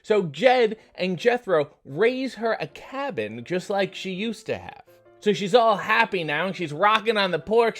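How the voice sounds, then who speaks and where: A man hosts a comedy recap, delivering deadpan, profane asides. His pitch swoops in a lively way, and faint music plays under his voice. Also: normal speed, few pauses. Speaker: comedy wrestling recap host.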